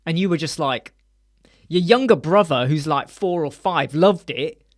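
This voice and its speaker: Animated man hosting a live chat. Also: fairly high pitch, measured pace. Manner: animated, acts out quoted voices. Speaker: live stream host. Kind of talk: casual live stream chat. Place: small dark room with soundproof panels.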